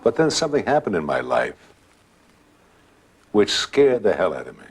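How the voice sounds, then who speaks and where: An older man, casually telling a personal story in a relaxed way and acting out what others said. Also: on the low side, normal speed, slightly rough. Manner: relaxed storytelling, acts out voices. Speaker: guest storyteller.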